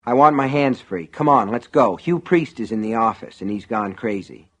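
A steady sheriff gives clipped, urgent orders, as a male audiobook narrator plays him. He stays firm and in control under pressure. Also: mid-range voice, moderate pace, lo-fi sound, natural voice. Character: steady small-town sheriff taking charge. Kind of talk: audiobook character voice.

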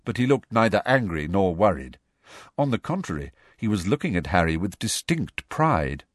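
A man narrating an audiobook in a measured storytelling manner. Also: low-pitched, sing-song, dry recording, studio quality. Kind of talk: scripted narration.

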